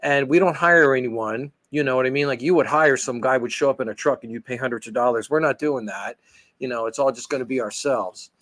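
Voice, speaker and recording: A man's voice: mid-range voice, brisk. A man co-hosting a casual podcast, telling stories animatedly and swearing freely. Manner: animated storyteller, acts out dialogue, swears freely. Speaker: podcast co-host.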